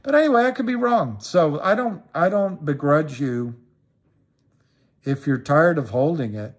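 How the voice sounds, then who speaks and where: A middle-aged livestream host talking stocks answers viewers in a loose, rambling way, circling back over his points and hammering words repeatedly for emphasis. His voice is animated with a measured pace, and his pitch jumps up when he gets riled.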